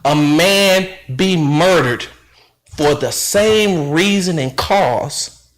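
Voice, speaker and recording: A man's voice: fairly high pitch, expressive, extremely slow, roomy sound, low-quality recording. A male radio host giving an impassioned commentary, fiery and rhetorical, repeating phrases for emphasis. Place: radio studio.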